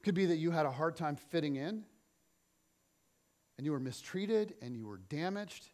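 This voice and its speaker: A middle-aged man preaching a church sermon and telling a personal story, swinging between loud and soft. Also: on the high side, animated, moderate pace. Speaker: pastor.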